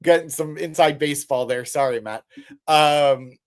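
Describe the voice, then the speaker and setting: A man's voice: a little high, normal speed. Chatty man reading live chat aloud. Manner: reads chat comments aloud and swears jokingly. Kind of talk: casual live stream chat.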